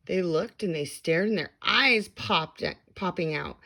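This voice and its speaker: A woman reads a bedtime storybook aloud with dramatic, expressive flair. She takes her time, and her voice has a gravelly, creaky texture. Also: mid-range voice, unhurried, hardly any pauses.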